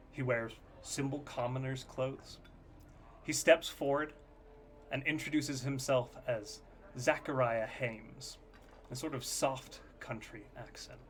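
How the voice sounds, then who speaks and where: As game master for a tabletop game, a man narrates scenes in a relaxed manner, using fillers as he goes. His voice is mid-range, and a little hiss or hum sits under the recording.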